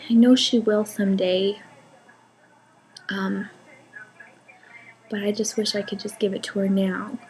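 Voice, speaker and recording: A young mother talks into her camera at home, her voice soft and halting and often sinking nearly to a whisper. Her pitch sits in an ordinary middle range. A faint hum of the house hangs behind her. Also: level tone, low-quality recording. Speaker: mother vlogging about her daughter. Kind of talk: emotional personal vlog.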